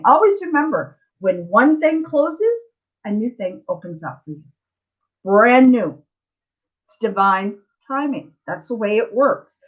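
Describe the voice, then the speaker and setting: A woman's voice: a little high, sing-song, a little slow, fairly bright tone, dull audio. A woman tarot reader hosting a live stream, talking casually to viewers about life lessons, repeating herself and often asking "right?". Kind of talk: casual spiritual talk to viewers.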